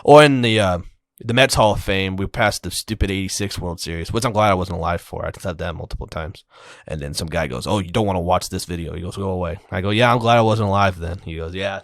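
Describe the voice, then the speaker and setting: Fast-talking man, animated podcast storyteller. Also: low voice, no room sound, studio quality. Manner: animated storytelling, acts out quoted exchanges. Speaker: podcast co-host. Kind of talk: casual chat.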